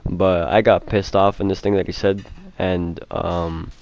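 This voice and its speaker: A man's voice: low-pitched, flat delivery, unhurried, gravelly, darkish tone. A young man telling a casual storytime, rambling with fillers and heavy swearing. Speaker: vlogger.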